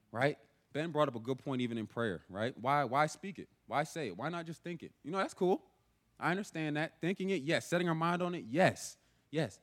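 A young man preaching a sermon in a casual, animated way, often checking in with "right?". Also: mid-range voice.

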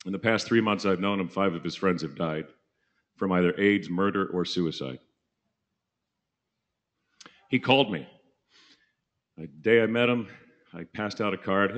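Telling a personal story as part of a sermon, this man preaches in a loose, joking, animated style, slipping into different voices. His voice is deep, his delivery a little slow, with frequent pauses.

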